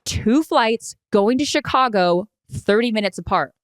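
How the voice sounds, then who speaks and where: Woman telling a rambling animated story. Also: a little high, measured pace, no echo, clean studio sound. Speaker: podcast co-host. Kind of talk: casual chat.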